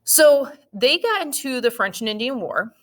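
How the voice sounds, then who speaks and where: A woman teaching a history lesson in a casual, lively way, with jokes and acted-out asides. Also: a little high, normal speed. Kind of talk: casual classroom lecture.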